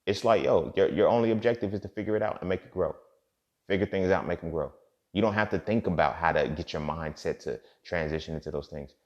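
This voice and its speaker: Deep gravelly dude ranting casual motivation, lots of slang and cussing, kinda muffled lo-fi sound. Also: male voice, fast, darkish tone. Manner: profane, streetwise slang, repeats "you feel me". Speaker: podcast host. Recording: dull lo-fi recording.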